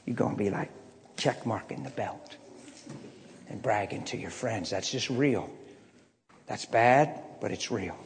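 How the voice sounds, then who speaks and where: A middle-aged man preaching a personal testimony, swinging from low muttering to impassioned shouting. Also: a little slow, vocal fry, long pauses, slight background noise. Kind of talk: sermon testimony storytelling. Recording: echoey hall reverb.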